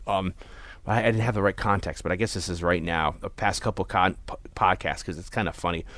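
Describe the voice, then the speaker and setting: A man's voice: low voice, fairly even intonation, fairly quick, a bit bright, no room sound. A young man hosting a podcast, chatting casually and telling a rambling story with many restarts. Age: young adult. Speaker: podcast host. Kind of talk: casual chat.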